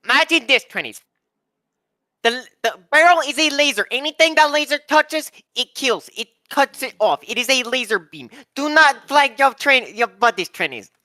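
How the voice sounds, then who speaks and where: Man imitating a strict drill sergeant, emphatic and commanding, bright tense tone, dry sound. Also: very high-pitched, lively intonation, normal speed, no echo, voice pushed up, full character voice. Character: stern male army drill sergeant lecturing trainees.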